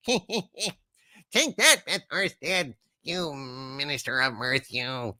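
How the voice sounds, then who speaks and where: Animated, high-pitched male livestream host. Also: slow, gravelly, dry recording, studio quality. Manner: animated, jokey, shouting greetings with big pitch jumps. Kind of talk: casual livestream chat reading super chats.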